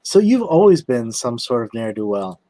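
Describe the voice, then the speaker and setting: A man hosting a casual conversation, talking in a measured, hesitant way. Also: mid-range voice, sing-song, mellow, dry recording. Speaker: host.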